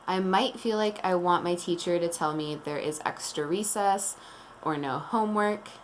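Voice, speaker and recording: A woman teacher leading a morning meeting lesson, explaining slowly and calmly to young children. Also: lowish voice, slight background noise. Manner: slow, calm and deliberate, explaining to young children.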